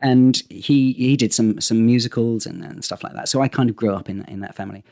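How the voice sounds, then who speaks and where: A man, a talent agent talking casually as a podcast guest, animated and often repeating words as he starts a sentence. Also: mid-range voice, brisk, gravelly. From England. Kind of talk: casual interview chat.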